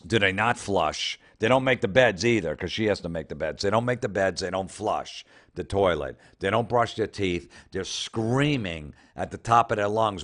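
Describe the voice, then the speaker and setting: Low-voiced man, sarcastic profane ranting. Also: fairly bright tone. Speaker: comedian host. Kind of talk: comedic commentary reading social media posts aloud.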